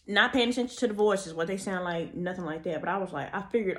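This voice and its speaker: A young woman telling a storytime tale to her viewers in a sassy, animated way, chatting through asides while she does her makeup. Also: medium pitch, fast talker, few pauses. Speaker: storytime vlogger. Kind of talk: casual storytime chat.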